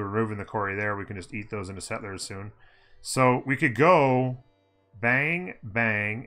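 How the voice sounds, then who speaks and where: A man's voice: medium pitch, pushed and bright. A man giving upbeat, casual commentary on a strategy game, thinking aloud and humming as he plays. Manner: upbeat, thinking aloud, hums while playing. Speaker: gameplay commentator.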